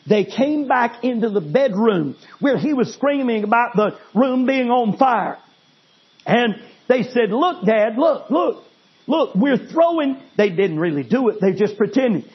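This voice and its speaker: A man preaching a sermon, telling a story dramatically and swinging between loud intensity and hushed pleading. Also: high voice, lively intonation, unhurried, slightly rough, dull audio.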